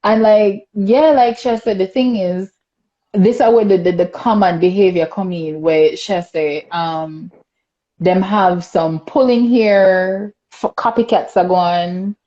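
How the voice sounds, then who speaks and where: A woman's voice: mid-range voice, slow pace, highs cut off. A young adult woman with a Jamaican accent, hosting a casual talk show and reading viewer comments with lots of laughter. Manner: laughs often, animated and chatty. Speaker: podcast host.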